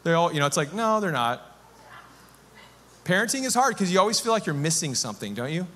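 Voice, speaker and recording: Bright-toned man preaching a casual sermon. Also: high voice, fairly quick. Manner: conversational, self-deprecating, animated. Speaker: pastor.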